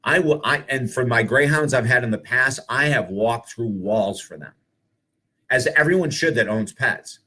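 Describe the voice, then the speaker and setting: A man who is an author and speaker, telling spiritual stories to live viewers in an earnest, animated way, full of rhetorical questions. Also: mid-range voice, normal speed.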